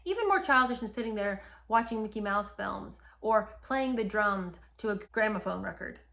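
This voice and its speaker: A woman's voice: mid-range voice, lively intonation, moderate pace, gravelly, a bit bright. A woman hosting a history podcast, retelling events and reacting with indignation while talking straight to her listeners. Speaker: podcast host. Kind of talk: animated history commentary.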